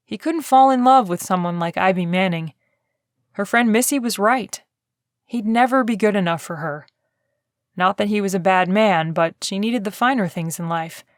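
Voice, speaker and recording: A woman's voice: mid-range voice, dry recording. Woman narrating a romance audiobook, dry.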